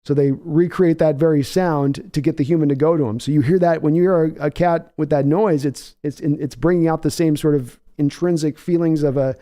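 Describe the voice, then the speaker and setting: Brief: rambling male stream host, warm-toned, casual play-by-play. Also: on the high side, steady tone, fairly quick, hardly any pauses. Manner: rambling, filler-heavy. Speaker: podcast host. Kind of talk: casual live chat with play-by-play.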